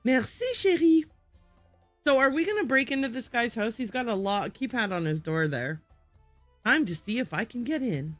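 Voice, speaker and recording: A woman's voice: a little high, animated, fairly quick, fairly bright tone, soft background music. A woman game streamer chatting live to her viewers, giggly and self-deprecating. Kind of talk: live gaming commentary.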